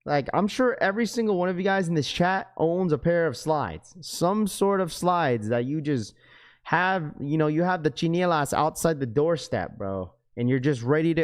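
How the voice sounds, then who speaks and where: A young man hosts a live stream, rambling loosely and casually with his viewers and calling the chat "bro." His voice is on the high side, animated and clean in tone, at a normal speed.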